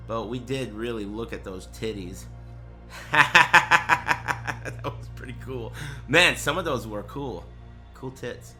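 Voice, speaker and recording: A man's voice: medium pitch, expressive, slow pace, pushed and bright, soft background music. A man streaming live, chatting casually with crude, joking, rambling banter. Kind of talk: casual livestream chat.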